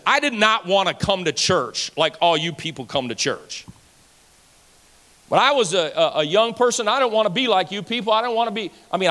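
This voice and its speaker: Male pastor, fifties, sermon; conversational storyteller, bright tone, reverb of a large hall. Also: fairly high pitch. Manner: conversational storytelling preacher, acts out dialogue, repeats words.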